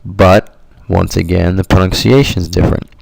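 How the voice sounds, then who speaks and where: A man teaching Spanish vocabulary over a slideshow in a relaxed, explanatory way, correcting himself as he goes. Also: low voice, moderate pace, vocal fry. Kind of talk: slideshow language lesson.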